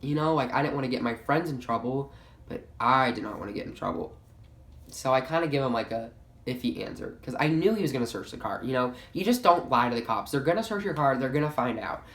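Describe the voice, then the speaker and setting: A man's voice: medium pitch, animated, fast talker, fairly bright tone. A young man in his late teens telling a casual storytime vlog, rambling and saying "like" constantly. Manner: rambling, heavy use of "like". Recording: echoey room.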